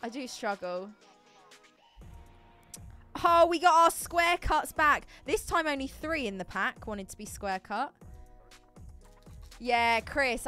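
A woman's voice: medium pitch, a bit bright. A woman chatting casually on a live stream, giggling as she opens card packs and answers viewers.

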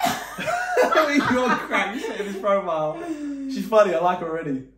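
Excitable man in an echoey room. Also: high-pitched, a little slow, very noisy. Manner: excitable, swearing, laughing often. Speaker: vlogger. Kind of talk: casual chat.

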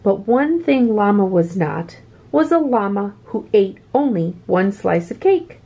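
A woman reading a children's picture book aloud with expressive, swooping delivery. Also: medium pitch, a little slow, gravelly. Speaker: children's story reader.

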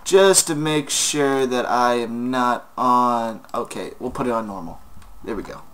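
A man's voice: mid-range voice, measured pace, fairly bright tone. Playful young man narrating his gameplay. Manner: playful, talks to game creatures, sudden outbursts. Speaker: gaming YouTuber. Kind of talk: casual gameplay commentary.

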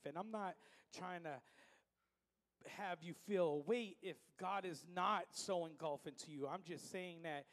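A man telling a folksy story during a church service, speaking casually. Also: a little high. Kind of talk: sermon story. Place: church hall. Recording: long reverb of a church hall.

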